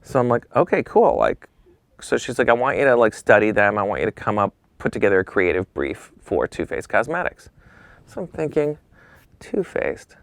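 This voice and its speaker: A man appearing as a talk show guest tells anecdotes fairly quickly in a voice on the low side. Casual and profane, he animatedly acts out the people in his stories. The recording has no room sound.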